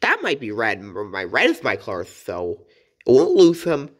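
A woman's voice: rumbling low, huge pitch swings, a little slow, husky. A woman hosting a casual toy review, chatty and playful, giggling often as she talks.

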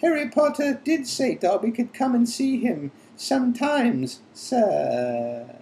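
A squeaky anxious house-elf. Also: male voice, sing-song, slow, darkish tone, full character voice, low-quality recording. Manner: squeaky, eager and apologetic.

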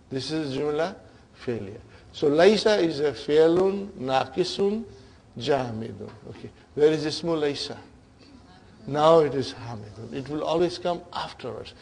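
A man's voice: on the high side, darkish tone, slightly rough. A man teaching Arabic grammar to a class, explaining terms in English, checking in with "huh?" and "okay?" and calling students brothers and sisters. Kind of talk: classroom lecture.

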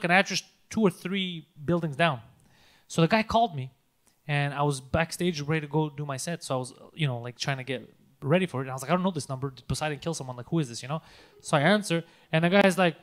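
Fast-talking man telling a story. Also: on the high side, a bit bright. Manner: storytelling, swearing, laughing often. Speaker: podcast co-host. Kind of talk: casual comedy podcast chat.

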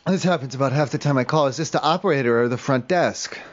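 A man's voice: medium pitch, quick pace. A man making a prank phone call, whiny, emotional and easily offended. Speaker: prank caller.

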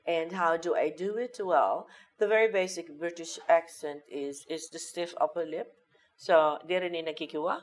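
A woman comedian, appearing as an interview guest, tells stories animatedly in a casual chat, switching back and forth between Tagalog and English. Her voice sits low, and she talks at a moderate pace.

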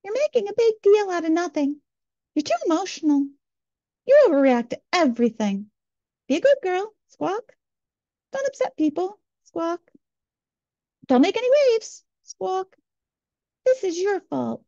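A woman's voice: very high voice, very animated, a little slow, long pauses, dark tone, no echo, pitched above the performer's own voice, full character voice. A woman voicing a nagging mockingbird of inner criticism that scolds and squawks between lines. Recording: slightly muffled, dry recording.

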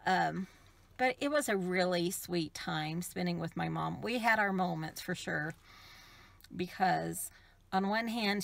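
A middle-aged woman from the United States, telling an emotional personal story in a soft, rambling way with many restarts. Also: fairly low pitch, vocal fry, no room sound. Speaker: craft vlogger.

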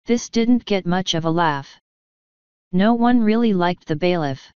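Woman narrator, audiobook, clear voice on a dull lo-fi recording. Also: fairly low pitch, animated, unhurried, darkish tone, no echo.

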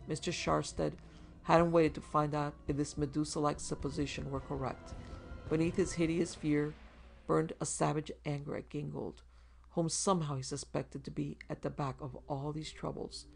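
A man narrating a macabre short story in a measured, even storytelling delivery. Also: fairly high pitch, vocal fry. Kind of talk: scripted horror story narration.

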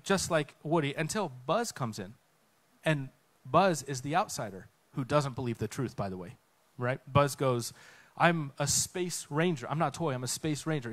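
A man giving a conversational sermon talk on a church stage, telling a story with lively acted-out quotes. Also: on the high side. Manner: animated storytelling, acts out quotes. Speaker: guest speaker.

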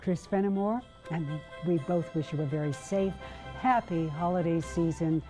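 A woman's voice: fairly low pitch, normal speed, music in the background. A woman hosting a TV cooking segment in a studio kitchen, gushing over the food and signing off the show. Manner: gushing, warm sign-off delivery. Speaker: TV show host.

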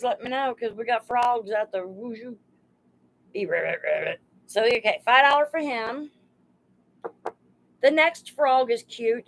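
On a live sale stream, a woman calls out viewers' names and sets prices item by item, speaking in a relaxed, homey drawl at a fairly high pitch. She comes across as overheated, and the audio is poor.

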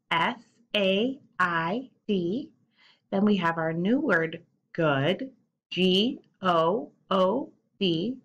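A woman teacher talks to young children at a careful, unhurried pace. She stretches out each letter as she spells, and she keeps inviting the kids to say the words along with her. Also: mid-range voice, fairly bright tone. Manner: slow, drawn-out spelling and sounding out of letters; encouraging, prompts children to repeat after her. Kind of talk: remote lesson for young children.

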